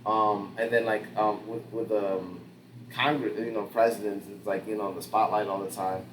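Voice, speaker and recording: A man's voice: lowish voice, moderate pace. A man co-hosting a podcast, chatting casually about politics and telling stories with lots of quoted voices and laughter. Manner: animated storyteller, jumps into quoted voices, laughs often. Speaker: podcast co-host. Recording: roomy with faint background noise.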